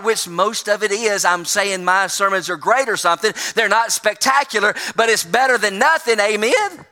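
A man preaching a sermon to his congregation, with a folksy preacherly manner, swinging between emphatic peaks and low, quiet stretches. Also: moderate pace, hardly any pauses, big-room sound. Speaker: pastor.

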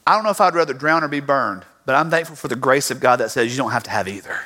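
A man's voice: medium pitch, fast talker. A man preaching a sermon, telling stories and acting out their voices. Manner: animated storytelling, acts out voices. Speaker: pastor. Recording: reverberant hall.

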